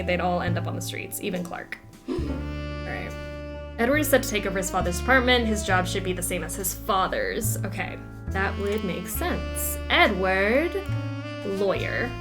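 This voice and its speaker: A chatty woman plays through a detective game, thinking out loud and reading game text in a middle-pitched voice. Soft guitar music plays faintly behind her. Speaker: gaming streamer. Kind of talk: casual let's-play commentary, reading game text aloud.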